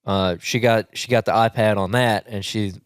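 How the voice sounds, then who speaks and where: A man's voice: on the low side, steady tone, normal speed, smooth, no echo, studio quality. A man, co-hosting a hunting podcast in casual chat, telling stories in a laid-back way with frequent restarts. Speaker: podcast co-host.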